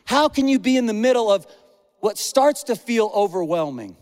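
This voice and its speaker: A pastor preaching a conversational, animated sermon, acting out the voices he quotes. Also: high-pitched, normal speed, long reverb tail, soft background music.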